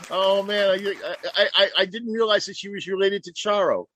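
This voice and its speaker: Male emcee for a live roast; high, unhurried, with chuckling asides over a crowded room. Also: background noise. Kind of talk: live stage announcing.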